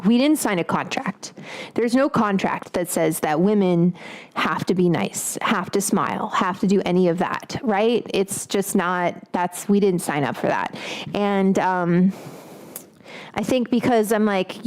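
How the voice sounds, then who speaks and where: A woman in her late thirties with a high voice, chatting bluntly and casually on a cooking stream, rambling and swearing, with frequent laughs, on an omnidirectional mic. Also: a little slow. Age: late 30s. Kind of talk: casual livestream chat.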